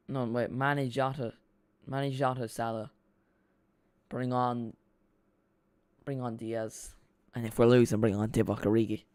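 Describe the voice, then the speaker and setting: A man with a medium-pitched, clean voice streams a live watch-along. He chats casually and rambles, repeating himself as he reacts to the play.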